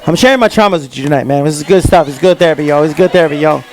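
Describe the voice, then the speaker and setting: A man doing a stand-up comedy set on stage, telling stories with lively quoted voices. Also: on the high side, racing, slight background noise. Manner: animated storytelling with quoted voices. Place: comedy stage before a live audience.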